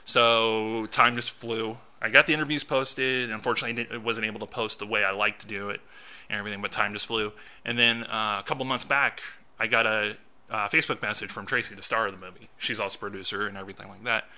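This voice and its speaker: A man's voice: lowish voice, fairly even intonation, fast, sharp tone. A man co-hosting a podcast, telling a story in casual chat and acting out his own reactions. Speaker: podcast co-host and film critic.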